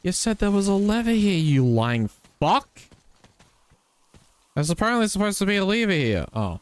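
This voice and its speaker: Excitable streamer with a lively voice. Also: male voice, high-pitched, quick pace, clean tone, no echo. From Australia. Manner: excitable, swears freely, teasing banter with chat. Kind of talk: live gameplay commentary.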